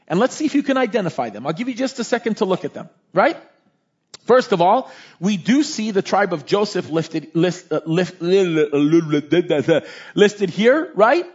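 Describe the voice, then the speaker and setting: Male Bible teacher, animated and questioning, husky voice, lo-fi sound. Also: high voice. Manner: animated, often asks "right?". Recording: dull lo-fi recording.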